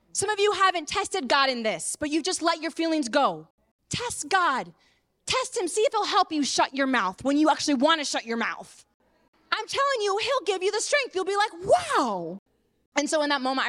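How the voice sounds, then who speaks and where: A woman preacher giving an earnest sermon and personal testimony, moving from hushed to impassioned. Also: very high voice. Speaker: apostle and preacher.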